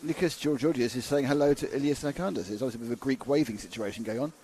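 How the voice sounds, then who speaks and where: A man's voice: medium pitch, rapid-fire, mellow. Chatty male race commentator. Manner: chatty, joking asides between results. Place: commentary box at a racing circuit.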